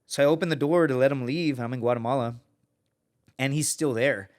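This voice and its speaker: A man's voice: medium pitch, brisk. A man in his thirties telling stories as a podcast guest in a casual, profane way. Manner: profane, lively anecdote-telling, acts out quoted people. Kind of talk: casual storytelling.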